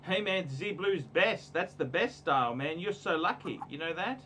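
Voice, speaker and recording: A man hosting a livestream chat, with a strikingly bright, cutting voice that sits a little high. He hammers his points home, repeating himself in an emphatic, ranting way. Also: animated, normal speed, slightly rough. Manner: emphatic, repetitive, ranting advice. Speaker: livestream host.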